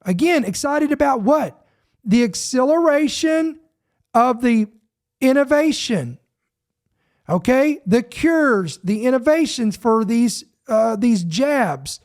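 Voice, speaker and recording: A man from Georgia, hosting a podcast and reading news headlines aloud. He talks emphatically, slows down to stress certain words and often repeats himself mid-sentence. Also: very high-pitched, lively intonation, darkish tone. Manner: repeats himself, self-interrupting. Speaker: podcast host.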